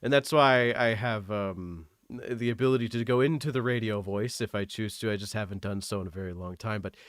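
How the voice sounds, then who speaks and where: A man's voice: on the low side, fairly quick, no echo, studio quality. A young man from Eastern Canada streaming, chatting casually on a call, rambling and self-deprecating with lots of fillers. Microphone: desk microphone.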